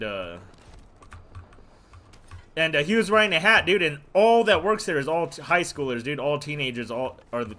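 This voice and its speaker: A man's voice: mid-range voice, sharp tone, slight background noise. Brash man ranting, dude-and-bro every line. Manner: profane, rambling, peppers every phrase with "dude" and "bro"; mocking and scornful. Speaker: gaming streamer. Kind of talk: casual live-stream rant.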